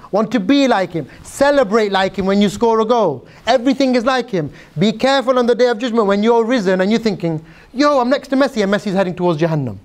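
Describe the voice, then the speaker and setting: A man preaching a sermon, retelling stories in a lively, informal way and speaking directly to his audience. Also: high-pitched. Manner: lively storyteller who acts out quotes in a softer voice.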